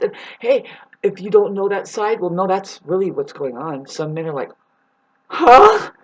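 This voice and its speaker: A woman vlogger in a casual, rambling monologue who swears now and then and calls her listeners "babes.". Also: mid-range voice. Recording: dull lo-fi recording.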